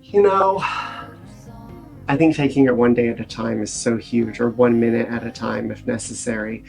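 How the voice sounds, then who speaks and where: A man with a gravelly, slightly rough voice tells his recovery story in an earnest, animated way, sitting as a podcast guest. His tone is conversational, with faint music behind him. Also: mid-range voice, moderate pace. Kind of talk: casual podcast interview.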